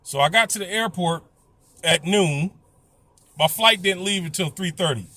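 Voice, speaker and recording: A man's voice: sits high, normal speed, pushed and bright, no echo. A middle-aged man telling a casual, profane story, blunt and complaining. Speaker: vlogger.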